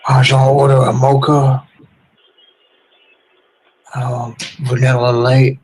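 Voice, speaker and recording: A man voicing Moja, a confused caller who talks in halting, broken English and is hard to understand on a prank phone call. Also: mid-range voice, monotone, a little mellow, a little hiss or hum, pitched above the performer's own voice, close to an everyday voice.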